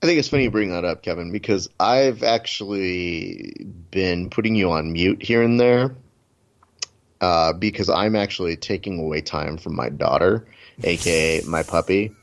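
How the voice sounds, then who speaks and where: A man's voice: sits low, moderate pace. A man hosting a podcast in casual chat, sarcastic and joking with rambling asides. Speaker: podcast host.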